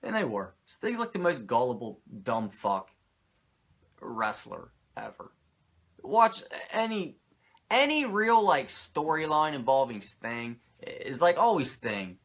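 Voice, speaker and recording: A man's voice: mid-range voice, very animated, slow pace, a bit bright. A man hosting a podcast, recapping wrestling in a rambling, crude, jokey way. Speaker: podcast host reviewing wrestling. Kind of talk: casual profane recap.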